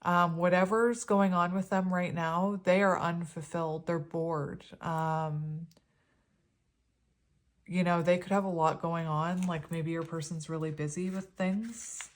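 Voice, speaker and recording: A woman reading tarot cards for viewers, chatty and gushing, with many pauses and restarts. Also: on the low side, steady tone. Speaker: tarot reader. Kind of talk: pick-a-card tarot reading.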